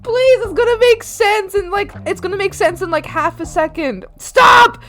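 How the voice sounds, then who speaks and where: A young woman streaming her art from home, chatting casually with viewers, giggling often and yelling playfully at her pets. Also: very high voice, moderate pace. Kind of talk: casual live-stream chat.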